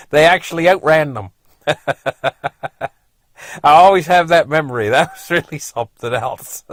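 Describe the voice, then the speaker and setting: A man's voice: on the high side, a little slow, pauses often, dry recording. A middle-aged man casually telling a personal story, rambling along with lots of "you know" and frequent chuckles.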